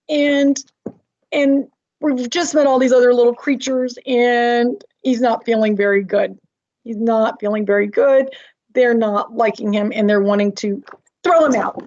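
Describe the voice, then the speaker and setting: A woman's voice: a little high, muffled recording. A woman teacher reading a play aloud, explaining with dramatic emphasis and repetition. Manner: expressive, dramatic, repeats key points. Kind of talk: read-aloud lesson.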